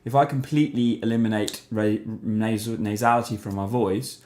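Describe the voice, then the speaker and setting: A man's voice: lowish voice, normal speed. A man giving a casual voice lesson, explaining resonance and singing short syllables to demonstrate. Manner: demonstrates vocal sounds on syllables like "ma" and "mum"; relaxed, conversational explaining. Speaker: singing teacher. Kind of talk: voice lesson to camera.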